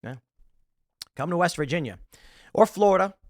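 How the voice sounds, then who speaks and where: A man in his thirties delivers a sarcastic, ranting political commentary monologue, scoffing at an article as he reads it aloud. His voice sits fairly high and leaps up and down in pitch. The sound is dry and close, with no room echo. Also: expressive, moderate pace, a little mellow. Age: 30s. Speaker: commentary show host.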